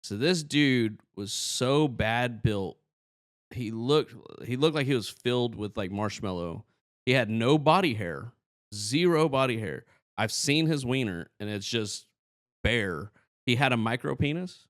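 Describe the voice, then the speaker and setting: A man's voice: medium pitch, unhurried, no room sound, clean studio sound. A young man, a comedian, telling stories in a casual podcast chat and acting out other people's lines. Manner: animated, acts out other people's lines in the story. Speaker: guest comedian.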